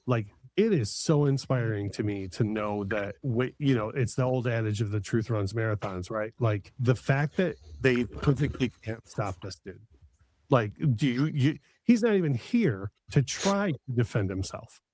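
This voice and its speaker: A man's voice: medium pitch, animated, moderate pace, a little mellow. A middle-aged man chatting casually as a podcast host, enthusiastic and rambling with many fillers and restarts. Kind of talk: casual chat.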